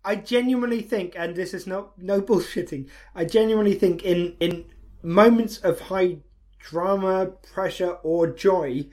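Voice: medium pitch, unhurried, a little mellow. A podcast host chatting casually, earnest and enthusiastic, with some swearing.

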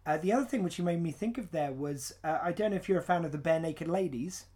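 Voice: medium pitch, fast, a little mellow, slightly rough. A podcast host from the United Kingdom, chatting casually and telling anecdotes with fillers. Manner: conversational, storytelling with fillers. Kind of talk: casual chat.

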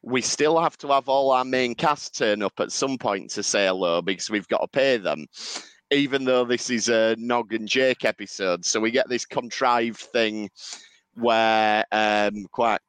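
A man co-hosting a podcast in casual chat, hesitant and relaxed with fillers. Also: mid-range voice, unhurried, smooth, no room sound. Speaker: podcast co-host.

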